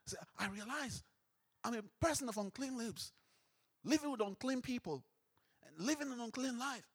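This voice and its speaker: A man preaches a sermon in a high voice that swings widely in pitch. He puts questions to the congregation and stresses his points with rising emphasis. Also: expressive, normal speed, slightly rough. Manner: emphatic, acts out scripture with rising intensity.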